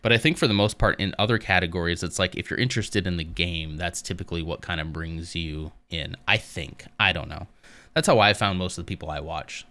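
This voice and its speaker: A man's voice: low-pitched, sharp tone. A man streaming live, chatting casually with his viewers, rambling and joking at his own expense, often laughing.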